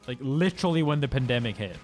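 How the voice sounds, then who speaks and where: A man's voice: medium pitch, animated, quick pace, a little mellow, soft background music. Laid-back, slangy young man streamer. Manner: laid-back and slangy, swears freely, loose rambling delivery. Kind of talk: casual chat with viewers.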